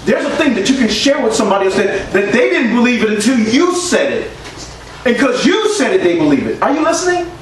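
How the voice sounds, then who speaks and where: A man preaching a sermon as pastor, calling out to his congregation and swinging between shouts and hushed asides. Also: very high voice, big pitch swings, a little fast. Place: church sanctuary. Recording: echoey church room from far off, faint hiss.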